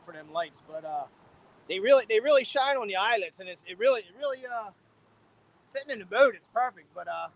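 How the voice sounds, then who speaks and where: His voice sits high and is creaky and slightly bright, with a faint hiss or hum in the recording. The speaker, an older or middle-aged fishing vlogger with a Philadelphia accent, chats casually from his boat on a dusk river, laughing softly as he welcomes viewers by name from the live chat.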